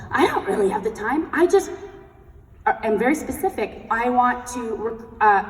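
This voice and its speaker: A young woman giving a blunt, energetic motivational talk on stage and leading the crowd in chanted affirmations, heard in a large event hall. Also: high voice. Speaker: sales team leader and motivational speaker. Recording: echoey hall recorded from far off.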